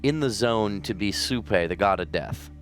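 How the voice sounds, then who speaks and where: A man's voice: fairly low pitch, animated, a little slow, soft background music. A man hosting a comedy stream, asking questions in a playful interviewer tone. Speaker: stream host.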